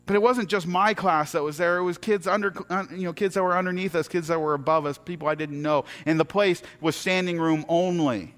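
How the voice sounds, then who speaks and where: A middle-aged man telling a personal story as a sermon, earnest and halting, often restarting his words. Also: high-pitched, fairly even intonation, a bit bright.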